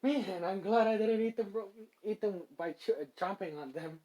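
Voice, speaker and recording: A man's voice: sits high, normal speed, a little mellow, voice pushed up. A man voicing a cocky young male hero reborn as a slime, casual and slangy in an amateur storytelling.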